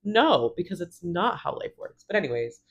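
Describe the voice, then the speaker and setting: A woman in her thirties casually recapping a TV show, quoting characters in quick voices and laughing often. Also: lowish voice, big pitch swings, slightly rough. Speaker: recap vlogger.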